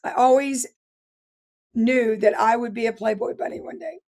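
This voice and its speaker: A hoarse middle-aged woman, a guest telling her life story in an interview in an earnest, halting way with frequent restarts. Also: a little high, darkish tone. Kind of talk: personal testimony interview.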